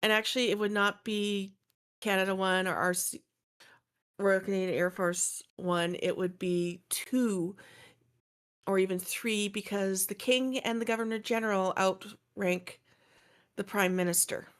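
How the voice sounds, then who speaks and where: A woman's voice: medium pitch, fairly even intonation, a little slow, smooth. Playful woman correcting with trivia. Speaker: podcast co-host. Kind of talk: casual chat.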